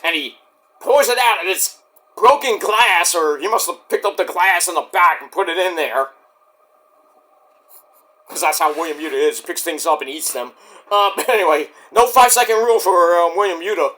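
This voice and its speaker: A man's voice: high-pitched, normal speed, pushed and bright. A man giving a casual, rambling spoken recap as a show reviewer, often correcting himself and acting out what others said. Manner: rambling with self-corrections, acts out quotes. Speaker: wrestling reviewer.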